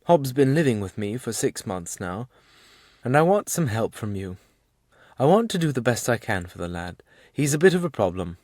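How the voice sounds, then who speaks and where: A man reading an audiobook, voicing a plain-spoken, warm-hearted working man who tells his story earnestly. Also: mid-range voice, sing-song, normal speed, dry recording, clean studio sound.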